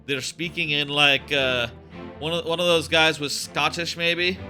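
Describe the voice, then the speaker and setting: A man's voice: on the high side, steady tone, measured pace, bright, forceful tone, soft background music. A young man casually musing aloud as he plays through a game, rambling as he goes. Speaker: let's play host. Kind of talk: casual gameplay commentary.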